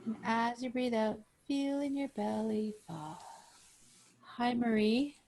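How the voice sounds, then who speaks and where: A woman yoga instructor gently guiding breathing exercises over a video call. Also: on the high side, a little hiss or hum. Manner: slow, gentle, soothing guidance.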